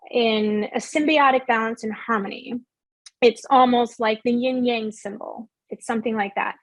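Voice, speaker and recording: A middle-aged woman with a high voice leads a motivational workshop. She speaks in an earnest, emphatic way and puts questions to her audience. The sound is dry and close. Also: dry recording.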